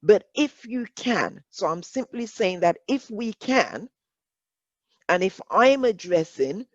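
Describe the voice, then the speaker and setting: Woman workshop presenter, English accent, unhurried, dry dull call audio. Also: medium pitch, animated, dry recording. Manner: measured, deliberate, repeats phrases.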